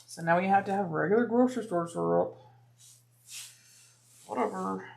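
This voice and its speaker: A woman's voice: medium pitch, normal speed, vocal fry. A woman hosting a live sewing stream from a home crafting room, chatting casually with viewers as she works. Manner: chatty, drops to soft asides, playful voices. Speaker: livestream host sewing bags.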